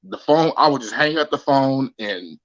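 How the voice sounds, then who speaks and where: A man from Northern California, a call-in guest, talking in a laid-back, slangy, halting way. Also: medium pitch, animated, no room sound. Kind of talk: casual chat. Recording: dull dry recording.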